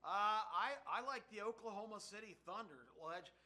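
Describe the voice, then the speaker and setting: Bright-voiced analytical sports talk host. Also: male voice, high-pitched. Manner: measured analytical, steady explanations.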